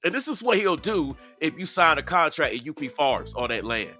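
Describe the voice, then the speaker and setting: His pitch is a little high and swings widely, delivered at a normal pace with a bright, forceful edge while faint music plays behind him. The man is hosting a casual outdoor live stream, emphatically repeating himself and speaking directly to those watching.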